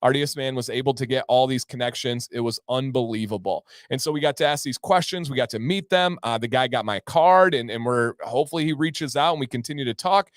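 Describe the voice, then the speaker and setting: Male livestream host, casual and excited, clean dry sound. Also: medium pitch, fairly quick, few pauses, dry recording. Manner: enthusiastic, reads out viewer names.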